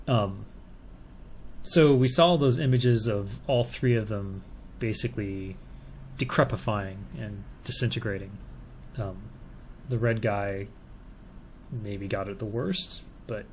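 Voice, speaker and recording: A man with a fairly low voice talks through a video in a casual, musing way, often unsure of himself. A faint hiss sits under his voice. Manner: musing, tentative. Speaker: video analyst. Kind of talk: casual commentary.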